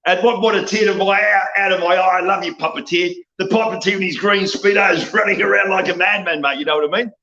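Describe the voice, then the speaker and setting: A man's voice: high-pitched, fast talker, hardly any pauses, lo-fi sound. A drunk middle-aged man with an Australian accent, a wrestler guest ranting loosely on a podcast, saying mate and bro constantly. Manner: loud, excitable, rambling, says mate and bro constantly. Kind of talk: rambling podcast rant.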